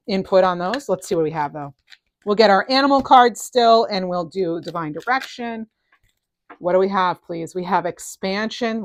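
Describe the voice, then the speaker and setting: A middle-aged woman giving a casual tarot reading, enthusiastic and animated, her voice rising and falling in loudness. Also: medium pitch. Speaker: tarot reader.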